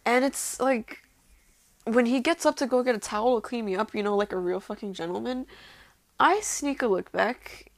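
Young woman, fairly high voice, dry close sound, unscripted racy storyteller with lots of "like" and swearing. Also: normal speed, no echo.

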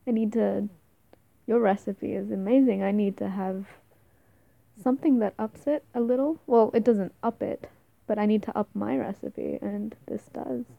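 A woman's voice: mid-range voice, steady tone, normal speed, vocal fry, dark tone, dry recording, highs cut off, lightly acted. A young woman playing an affectionate, playful girlfriend in an audio role-play, giggling, teasing and stumbling over her words.

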